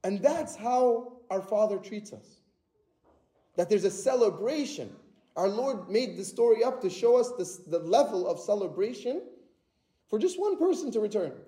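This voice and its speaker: Male preacher, high and mellow voice, earnest repetitive sermon delivery, echoey church. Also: lively intonation, normal speed.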